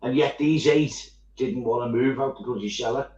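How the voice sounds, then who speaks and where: A man's voice: mid-range voice, normal speed, heavy background noise. Chatty man telling stories, echoey room. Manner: animated storytelling, swears freely, acts out quoted voices. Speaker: miniature painting streamer. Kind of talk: casual chat. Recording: echoey, dull-sounding room.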